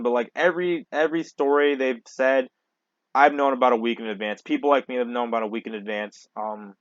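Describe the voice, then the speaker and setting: A young man rants into his camera in a loose, rambling way, swearing often and restarting his sentences. His voice sits in a middle pitch, and the recording is dry and a little dull. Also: no room sound. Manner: profane, rambling, with frequent restarts and fillers. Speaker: vlogger. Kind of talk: casual ranting monologue to camera.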